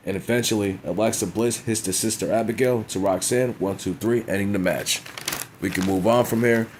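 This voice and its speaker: Man, low voice, wrestling review rant, crude and blunt, light background hiss. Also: darkish tone. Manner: blunt, profane, frequent "you know what I'm saying". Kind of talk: casual profane rant.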